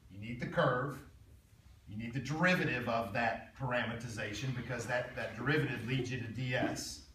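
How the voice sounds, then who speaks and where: A man's voice: mid-range voice, moderate pace, a bit bright. A male math instructor giving a casual classroom lecture, talking conversationally, repeating himself and quizzing his students. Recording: roomy, distant classroom recording with faint noise.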